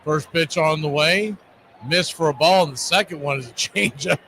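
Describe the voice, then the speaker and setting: A man hosting a fan stream, calling baseball play-by-play in a radio style and shouting big plays with playful catchphrases. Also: fairly high pitch, moderate pace, a little hiss or hum. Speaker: play-by-play announcer.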